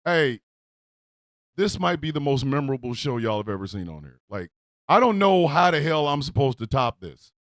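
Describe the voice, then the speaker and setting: A man hosting a radio show, ranting loudly in a comic, excitable way, yelling and cursing. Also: mid-range voice, moderate pace, no echo. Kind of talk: loud comic rant.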